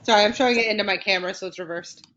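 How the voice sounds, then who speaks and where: A woman with a bright, sharp voice asks quick questions on a video call. She sounds eager and chatty. The call audio is muffled. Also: mid-range voice. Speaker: support group member. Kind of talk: casual chat on a video call.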